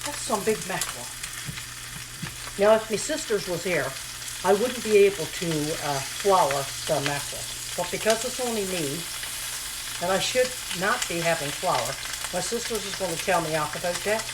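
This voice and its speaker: A woman chatting casually as she cooks in her home kitchen, repeating her phrases and talking to herself in a slightly hushed voice. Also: expressive, moderate pace, heavy background noise. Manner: talking a little low and hushed. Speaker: home cooking vlogger. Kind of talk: casual cooking chat to camera. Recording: home kitchen recording, audible pan sizzle. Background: frying pan sizzling.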